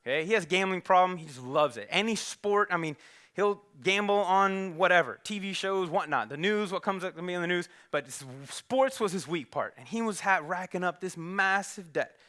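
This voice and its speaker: A male pastor tells a modern parable in a loose, conversational style, jumping into the characters' voices. His voice is high for a man, bright and forceful, and it carries well. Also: moderate pace. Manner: animated, conversational, acts out characters. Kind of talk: storytelling sermon. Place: church.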